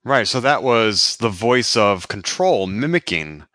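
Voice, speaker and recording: Male co-host, lower voice, measured and analytical, dry close sound. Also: very animated, sharp tone, dry recording. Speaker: podcast co-host. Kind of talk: casual chat, analyzing a TV episode.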